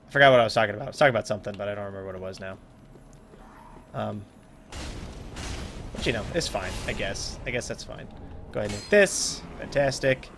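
A man's voice: lowish voice, expressive, quick pace, long pauses, fairly bright tone. Young guy talking over his game, rambly and self-mocking, mumbles off at the ends, bit of hiss behind. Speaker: let's play host. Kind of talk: casual gameplay commentary.

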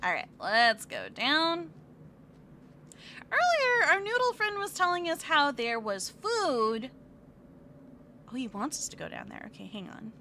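A woman streams a game live, talking to her viewers in a playful, chatty way. Her high voice swings widely as she goes. Her tone is very bright, with faint room noise behind her. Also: wildly swooping pitch, slow pace, pauses often. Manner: playful, chatty, reads chat aloud; squeals and fake-whines at the game.

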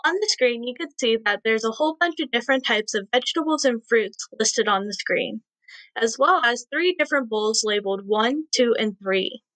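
A young woman teaching young children a syllable game, speaking slowly and encouragingly with sing-song praise. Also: a little high, animated, a bit bright, no room sound. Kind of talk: read-aloud lesson for young children.

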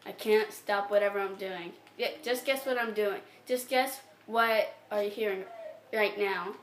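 A woman's voice: mid-range voice, steady tone, measured pace. A woman giggling through hiccups as she rambles over casual gameplay commentary to her viewers. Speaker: gameplay channel host. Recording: echoey room, faint background noise.

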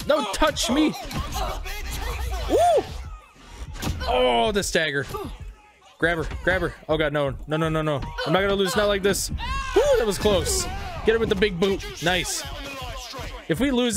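Excitable high-voiced male gamer. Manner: excitable, whooping, joking reactions. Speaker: gaming YouTuber. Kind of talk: let's play commentary.

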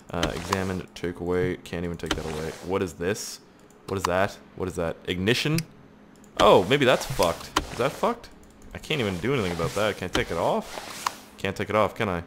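A young Canadian man casually commentating his gameplay, swearing a lot, excitable, and talking straight to his viewers, just woken up. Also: sits low, normal speed, noisy background. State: just woke up. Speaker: gaming video host.

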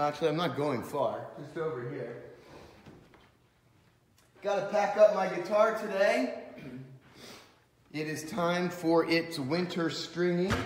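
The voice is a man's, a little high, with a bit of hiss or hum behind it. He's a small-town Pennsylvania pastor filming a casual vlog on a handheld camera, strolling and chatting on the church grounds before going into a sanctuary. Along the way he cracks jokes and mocks himself.

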